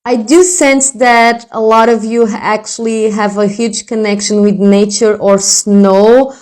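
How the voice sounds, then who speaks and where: A woman's voice: a little high, steady tone, unhurried, a little mellow. A woman giving an intuitive reading straight to her viewers, reassuring and calling them "my loves". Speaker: spiritual reader.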